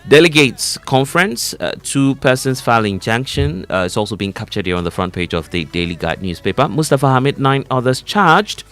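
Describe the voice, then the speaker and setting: A man with a Ghanaian accent co-hosting a radio show, reading newspaper headlines briskly with fillers. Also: mid-range voice, sing-song, fairly bright tone. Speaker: radio co-host. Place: radio studio.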